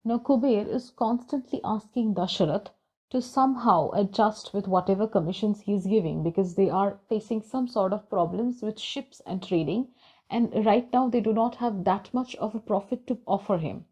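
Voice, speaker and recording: A woman's voice: medium pitch, normal speed, mellow, husky. A woman retelling a story from a book in a casual, conversational way, with occasional fillers.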